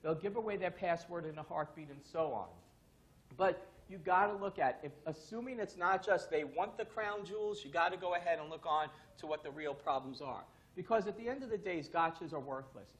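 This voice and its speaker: A man's voice: fairly high pitch, brisk, low-quality recording. A man giving a conference talk to an audience, telling casual stories with the odd curse word. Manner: casual, profane, storytelling. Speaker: conference speaker. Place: conference stage before an audience.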